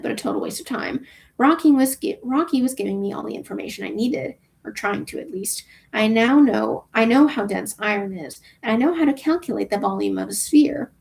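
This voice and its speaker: A woman's voice: fairly high pitch, gravelly, darkish tone. A woman reading a novel aloud for a book club, casual, with offhand asides about her own reading.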